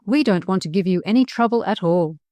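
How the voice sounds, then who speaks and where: A woman's voice: mid-range voice, brisk, mellow, dry recording, natural voice. A woman voicing a polite, scheming young schoolboy who talks earnestly and sweetly. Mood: wheedling.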